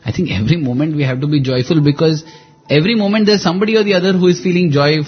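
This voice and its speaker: Guy, husky voice, thinking out loud, kinda muffled recording. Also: a little high, very fast, soft background music. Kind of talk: reflective discussion.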